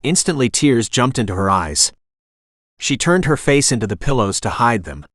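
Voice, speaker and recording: A synthetic male text-to-speech voice doing scripted audiobook narration, with an expressive reading. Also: mid-range voice, normal speed, no echo, clean studio sound.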